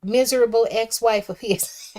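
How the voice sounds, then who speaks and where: A woman's voice: fairly high pitch, measured pace, slight background noise. A woman hosting a livestream, reading viewer comments aloud and reacting in a casual, chatty way. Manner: chatty, reads comments aloud and reacts, swings from soft asides to loud exclamations. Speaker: livestream host reading chat. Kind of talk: casual live chat commentary.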